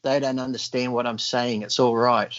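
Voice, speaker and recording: A man's voice: mid-range voice, flat delivery, normal speed, fairly bright tone. Blunt, profane man talking casually. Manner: blunt, profane, crude jokes and mocking voices. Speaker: podcast guest. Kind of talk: casual podcast chat. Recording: slightly dull lo-fi audio.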